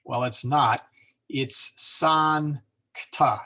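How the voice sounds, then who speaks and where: A man gives an informal lecture on Latin pronunciation in a slightly husky voice. He talks loosely and hesitantly, with frequent fillers and self-corrections. His pitch sits in a middle range. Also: lively intonation, a little slow, fairly bright tone. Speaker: Latin teacher.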